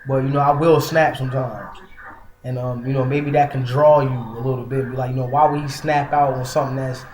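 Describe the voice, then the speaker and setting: A man preaching to his online followers in a soft, light tone that turns stern and scolding, padding his talk with casual fillers. His voice sits at a middle pitch and rings around a roomy, echoey space with faint background ambience. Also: level tone, brisk, slight background noise. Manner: soft-toned but emphatic, scolding, many fillers. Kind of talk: casual religious monologue.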